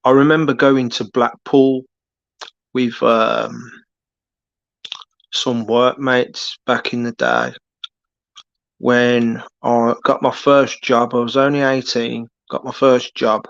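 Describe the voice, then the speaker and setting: A man with a Birmingham accent chatting casually on a late-night live stream, rambling and halting with lots of fillers. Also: medium pitch, creaky, dry recording, highs cut off.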